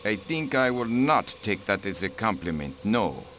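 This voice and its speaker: Cold dismissive aristocrat, low voice, faint noise behind. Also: male voice, very animated, normal speed, a bit bright. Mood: haughty. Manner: curt, dismissive, imperious. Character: haughty male count, diplomat, cold and protective.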